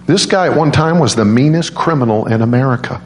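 Male preacher, animated storyteller, mid-pitched voice, roomy church echo. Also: fairly quick, a little hiss or hum. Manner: animated, jumps into high voices for quoted grandmas. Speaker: guest preacher. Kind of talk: storytelling sermon.

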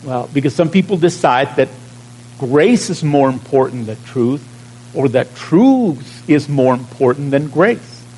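A pastor preaching a sermon in a conversational way, stretching out key words and checking in with the congregation. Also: male voice, mid-range voice, expressive, a little slow, dark tone, slight background noise, low-quality recording.

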